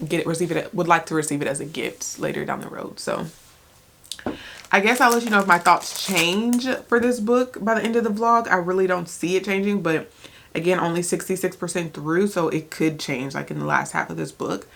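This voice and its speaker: A woman's voice: fairly low pitch, fairly quick, gravelly, a bit bright, a little hiss or hum. A young woman chatting casually in a book vlog, rambling with many restarts and fillers, sometimes talking while she eats. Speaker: book vlogger.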